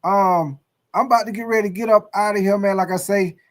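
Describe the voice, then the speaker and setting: A man hosting a casual live sports talk stream, calling out to his chat in a loose, excitable way and tagging his lines with "man" and "baby". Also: high-pitched, a little fast.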